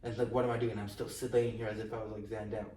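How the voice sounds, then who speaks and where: A man's voice: fairly low pitch, little pitch movement, racing, darkish tone. A young man co-hosting a podcast in casual chat, teasing and blunt with plenty of slang. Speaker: podcast co-host. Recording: roomy echo, far from mic, faint noise.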